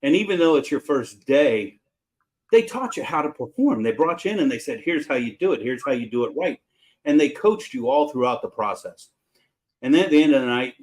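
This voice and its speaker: A man's voice: medium pitch, normal speed, poor audio. A middle-aged man, a chef hosting his show, telling a casual, folksy story about his early restaurant jobs. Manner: folksy, animated storyteller with fillers.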